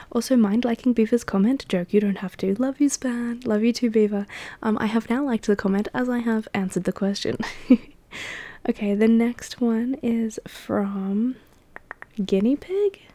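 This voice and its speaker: A woman hosting a soft-spoken ASMR question-and-answer session, drifting between gentle whispers and quiet talk with light laughs and fillers. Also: a little high, fairly even intonation, normal speed, no room sound. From Australia. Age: adult.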